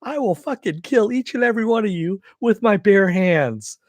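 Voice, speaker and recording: A man voicing a hulking male shark convict who shouts swearing threats. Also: sits high, animated, normal speed, no room sound, voice pushed up. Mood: enraged.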